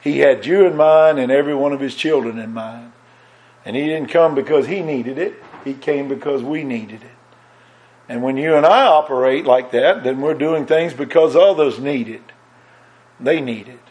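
A middle-aged man preaching a folksy sermon in a church, with restarts, rising in pitch and volume when he stresses a point. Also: moderate pace, darkish tone, poor audio. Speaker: pastor.

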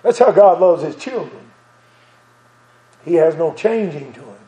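A male preacher with a drawl and a high, light voice delivers a sermon in an echoing sanctuary. He moves from tender and reflective to fervent and rousing, chuckling now and then. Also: expressive, unhurried, dark tone, highs cut off.

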